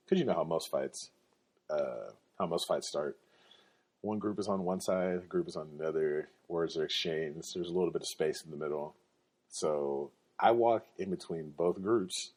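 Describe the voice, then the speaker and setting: A man's voice: sits low, darkish tone, husky. A man hosting a podcast, telling a story in a casual, slangy, rambling way. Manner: laid-back, slangy, rambling with restarts and fillers. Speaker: podcast host.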